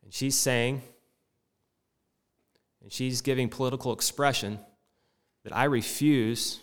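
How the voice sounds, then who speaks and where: A man's voice: mid-range voice, fairly even intonation, measured pace, a bit bright. A middle-aged man preaching a sermon with impassioned, rising and falling delivery. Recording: long reverb in a hall.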